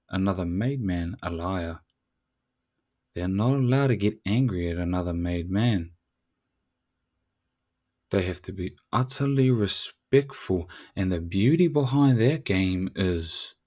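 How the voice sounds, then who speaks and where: A man from New Zealand with a New Zealand accent speaks in a low-leaning, slightly mellow voice. His monologue is casual, profane, and full of slang, punctuated by frequent laughs.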